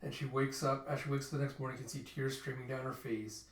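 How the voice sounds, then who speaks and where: A man's voice: medium pitch, flat delivery, fast. A man casually narrating a manga readthrough, describing panels as he goes. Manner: casual, narrating panels with "you see" and "he's like". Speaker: channel host reading a manga aloud. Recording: roomy echo, mic at a distance.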